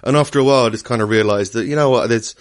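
A man's voice: mid-range voice, rapid-fire. A young man chatting casually on a podcast, rambling with restarts and laughing often. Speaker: podcast co-host. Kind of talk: casual chat.

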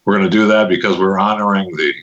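A man's voice: low-pitched, fast, a bit bright, lo-fi sound. A man hosting a podcast in casual, jokey, rambling chat, testing his microphone on air. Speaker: podcast host. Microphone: studio podcast microphone with adjustable settings.

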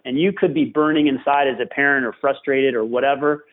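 Man, husky, podcast host, emphatic coaching manner, phone-like sound. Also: medium pitch, steady tone, brisk, hardly any pauses. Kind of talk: podcast conversation. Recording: tinny phone-like line.

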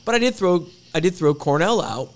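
A man's voice: high voice, lively intonation, brisk. Male podcast host, easygoing, casual, prone to stumbling restarts. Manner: easygoing, stumbling restarts, calls people dude.

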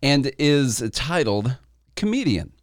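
A man co-hosting a casual news podcast, medium-pitched and easygoing. He laughs easily and trips over unfamiliar names. The recording is dry and close. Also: big pitch swings, takes it slowly, no room sound. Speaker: podcast co-host.

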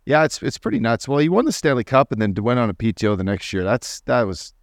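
A man's voice: mid-range voice, very animated, fast talker, no room sound, studio quality. A man co-hosting a podcast in laid-back, sometimes profane casual chat. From Newfoundland. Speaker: podcast co-host.

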